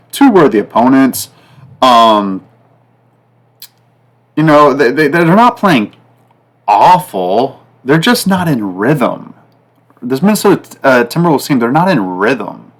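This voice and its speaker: Rambling, excitable betting podcast man. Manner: rambling, repetitive, fillers like "like" and "guys"; pitch and loudness swing up and down from line to line. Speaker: sports betting podcast host. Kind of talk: casual betting talk.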